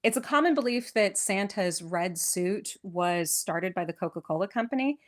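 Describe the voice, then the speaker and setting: A woman with a West Coast American accent hosting a podcast. She reads an old poem aloud, then chats about its history in a lively, enthusiastic way with frequent restarts. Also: medium pitch, normal speed. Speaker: podcast host. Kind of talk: poetry reading and casual history chat. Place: lives in England.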